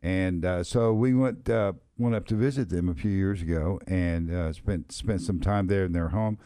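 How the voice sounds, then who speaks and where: A Texas-accented man co-hosting sports talk radio, hesitant and full of restarts as he tells a story. His voice sits on the low side and sounds close and dry. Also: moderate pace, warm tone, smooth, no echo. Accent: Texan. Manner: hesitant, many ums and restarts. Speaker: radio co-host. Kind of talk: casual on-air chat.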